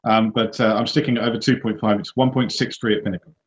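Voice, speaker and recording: A man's voice: on the low side, steady tone, fast. A man giving betting tips over a call in a plain, matter-of-fact way. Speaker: tipster. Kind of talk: casual betting panel chat. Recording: dull call audio that cuts out.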